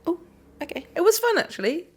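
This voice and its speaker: Wry, animated young woman podcast co-host. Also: very high-pitched. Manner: wry, teasing, quick quips. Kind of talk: casual chat.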